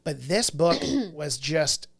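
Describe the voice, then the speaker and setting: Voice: medium pitch, animated, takes it slowly, slightly rough. A host of a book podcast in casual chat, rambling, often restarting and correcting themselves, laughing along.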